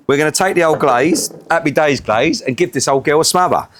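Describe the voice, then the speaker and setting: A man's voice: a little high, expressive, moderate pace, a little hiss or hum. A middle-aged man hosting a casual cooking vlog, joking, laughing often and swearing freely. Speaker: home cooking vlogger.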